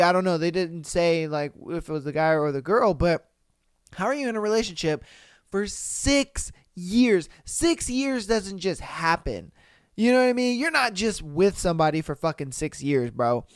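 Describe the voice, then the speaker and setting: A man hosting a podcast, reading out posts and reacting with loud, profane, animated commentary and frequent laughter. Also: high-pitched, smooth, dry recording, clean studio sound. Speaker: podcast host. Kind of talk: casual solo commentary on reader posts.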